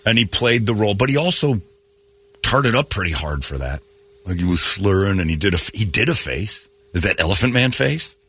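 A man's voice: on the low side, big pitch swings, a bit bright, breathy edge. Ranting sarcastic man on morning radio. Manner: ranting, sarcastic, quick mock quotes. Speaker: radio show host. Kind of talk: opinionated morning radio banter.

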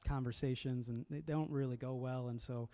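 A man's voice: mid-range voice, fairly even intonation, moderate pace, warm tone. A man preaching a sermon as a pastor, reflective and conversational, often repeating words as he goes.

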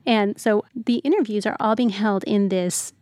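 A woman's voice: mid-range voice, moderate pace, a little mellow, no room sound, clean studio sound. A woman writer, the guest on a podcast, chatting casually and telling stories with lots of "like" fillers. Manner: chatty storyteller, many "like" fillers. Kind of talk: casual interview chat.

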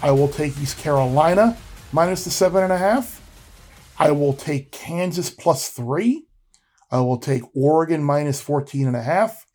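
Mellow-voiced man chatting football picks. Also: on the high side, normal speed, soft background music. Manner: relaxed, rambling, frequent restarts. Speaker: podcast co-host. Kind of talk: casual sports podcast chat.

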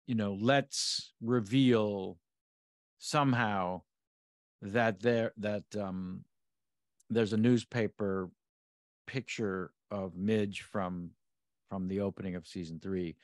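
A man with a low voice hosts a podcast, picking apart scenes slowly and carefully. His sound is close and dry, and he stops and restarts as he gathers his thoughts. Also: steady tone, no echo. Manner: measured and analytical, with frequent restarts. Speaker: podcast host. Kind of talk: episode discussion.

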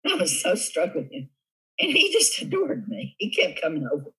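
A man with a Southern US accent, a guest telling funny stories in a giggly, animated way. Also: sits high, normal speed, breathy edge, poor audio. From Tennessee, USA. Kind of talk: casual storytelling interview.

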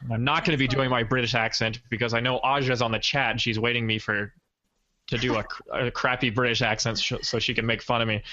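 A man's voice: medium pitch, flat delivery, quick pace, pushed and bright, highs cut off. A man hosting a podcast in casual chat, hedging with "I guess". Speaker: podcast host.

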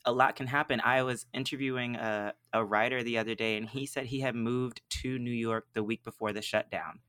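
A man hosting an interview show, chatting with a guest in a relaxed, conversational and encouraging way. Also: medium pitch, fairly quick, clear, resonant tone, no echo. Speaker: interview host. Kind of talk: casual interview chat.

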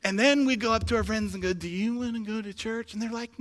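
A man preaching a sermon as pastor, animated and joking, swinging from quiet asides to shouted exhortation. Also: high voice, fast talker, long reverb tail. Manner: joking, playful.

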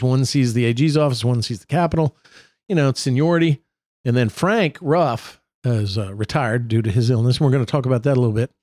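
A man's voice: medium pitch, a little mellow, no echo. A man, co-hosting a casual podcast, telling joking stories and mimicking colleagues. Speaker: podcast co-host and state senator.

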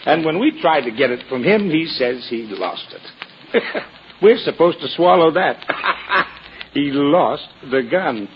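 A gruff, cocksure cop. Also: male voice, on the high side, expressive, slow pace, highs cut off. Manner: gruff, dismissive, chuckling. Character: blunt, cocksure male police officer. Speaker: police officer. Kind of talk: 1940s radio acting. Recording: hissy 1940s radio broadcast.

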